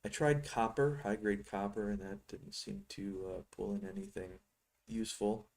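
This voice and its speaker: A man's voice: on the low side, steady tone, normal speed, darkish tone. A middle-aged man giving rambling, teasing live commentary on his trading screen, thinking aloud as he goes. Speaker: futures trading software seller.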